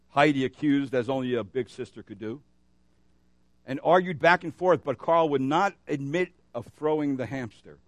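A man's voice: mid-range voice, a little slow, no room sound. A male pastor preaching a sermon, moving between emphatic declarations and a casual storytelling manner with frequent fillers. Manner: animated preaching with rising emphasis and storytelling asides.

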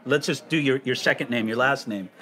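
A man's voice: medium pitch, a little fast, sharp tone. A man hosting a casual faith conversation, reading listener questions aloud in a teasing, inquisitive way.

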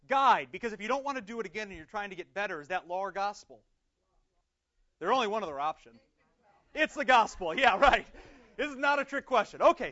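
A man, a pastor, teaches a Bible class in a lively, conversational way, putting questions to the group and slowing down to read prayers aloud. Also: high voice. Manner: lively, conversational, asks questions and answers them. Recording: dull lo-fi recording.

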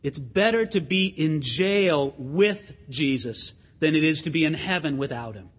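A man's voice: a little high, expressive, a little slow, husky. A pastor preaching a sermon in an earnest, emphatic way, addressing his listeners as friends in a church sanctuary. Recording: long hall reverb.

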